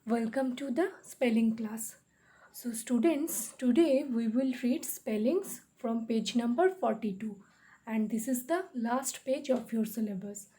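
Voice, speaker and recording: A woman teacher, slowly spelling out words letter by letter and explaining what they mean in a classroom lesson. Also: on the high side, warm tone.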